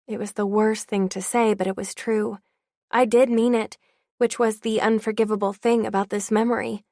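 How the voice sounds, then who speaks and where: A woman's voice: on the high side, little pitch movement, moderate pace, dark tone, no echo, studio quality. A young adult woman narrating a first-person audiobook in a wry, confiding way.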